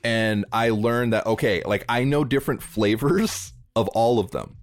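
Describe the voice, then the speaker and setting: A man hosting a podcast in casual interview chat, lively and acting out remembered dialogue with sudden jumps in pitch. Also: moderate pace, no room sound, studio quality. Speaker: podcast host.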